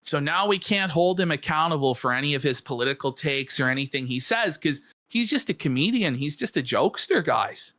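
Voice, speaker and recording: A man's voice: on the high side, lively intonation, a little fast, hardly any pauses, sharp tone, no room sound. Guy ranting scornful at a clip, dead dry sound. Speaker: co-host. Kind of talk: reaction commentary.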